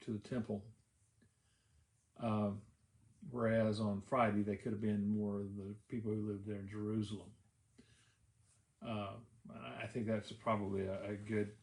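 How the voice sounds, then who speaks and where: A man's voice: lowish voice, roomy sound. A pastor preaching a sermon, telling the story in an easy conversational way, often restarting his phrases.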